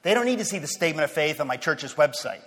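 A man giving an impassioned sermon-style speech to a Christian audience, emphatic and fervent, swinging from low, quiet passages to loud declarations. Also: very animated, fast. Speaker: speaker addressing a Christian audience. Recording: long hall reverb, faint crowd.

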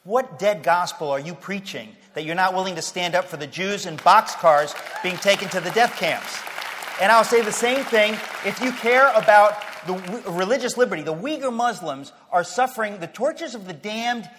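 A man with a high-pitched voice delivers a fervent sermon-style speech to a Christian audience. He is emphatic, dropping low and quiet before rising to loud declarations. His voice rings with the long reverb of a large hall, and a faint crowd is audible. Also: animated, normal speed, noisy background. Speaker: speaker addressing a Christian audience.

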